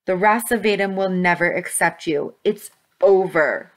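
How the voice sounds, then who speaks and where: A woman voicing a stern grown man who booms and pleads with measured force in a read-aloud story. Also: close to an everyday voice. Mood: booming. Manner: booming, slow and forceful.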